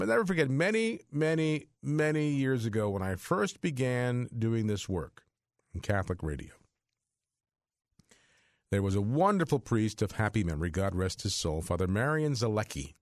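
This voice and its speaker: A man's voice: fairly low pitch, dry recording. A middle-aged man hosting a religious radio show from a studio, talking in a rambling, chatty way and chuckling between thoughts. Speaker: radio host. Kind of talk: casual on-air talk. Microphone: studio microphone.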